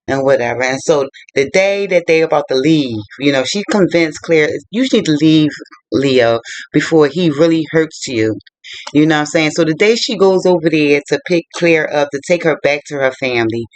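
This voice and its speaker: A man casually reviewing a book, retelling its plot in an animated, colloquial way. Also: medium pitch, no echo.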